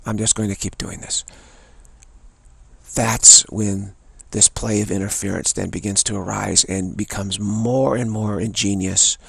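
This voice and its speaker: A man with a low, gravelly voice gives an earnest spiritual teaching, circling back over his points and softly chanting a short mantra. His tone is husky. The sound is dry and close. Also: no echo. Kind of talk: spoken teaching talk.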